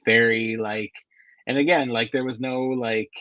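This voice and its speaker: A man's voice: mid-range voice, fairly even intonation, measured pace, no room sound. A man co-hosting a podcast in casual chat, hesitant and searching for words, recorded through earbuds. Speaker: podcast co-host. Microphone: AirPods. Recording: dull earbud mic sound.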